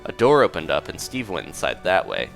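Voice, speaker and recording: A man's voice: low voice, sing-song, brisk, gravelly. A man casually improvising a story over gameplay, rambling with fillers and side comments. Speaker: gaming video creator. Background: faint music.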